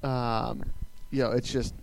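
A man's voice: medium pitch, little pitch movement, takes it slowly, vocal fry. A man in his thirties talking on a casual podcast. He gives blunt opinions and stumbles through a lot of ums and uhs. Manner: frank, opinionated, with many fillers. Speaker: podcast co-host. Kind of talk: casual chat.

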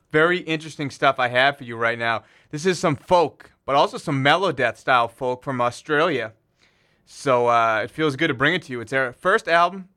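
Bright-voiced rambling radio DJ man. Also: mid-range voice. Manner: rambling, loose with fillers and self-corrections. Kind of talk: casual radio show patter. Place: small radio station studio.

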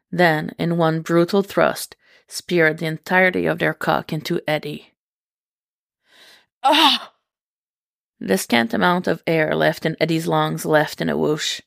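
A woman reads fiction aloud in a slightly low, heavily gravelly voice. Her narration is measured and unhurried. The recording is dry and close, with no room sound. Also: no echo. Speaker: reader.

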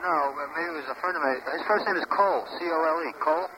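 A man calls a bar and calmly asks for made-up names, spelling them letter by letter. His voice sits a little high. Steady hiss runs under the old taped call. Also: quick pace. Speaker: prank caller. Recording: hissy taped phone call.

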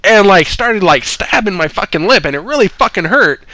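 Man, casual chat, profane laughing storyteller, bright voice, dry recording. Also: high voice, lively intonation, moderate pace, dry recording.

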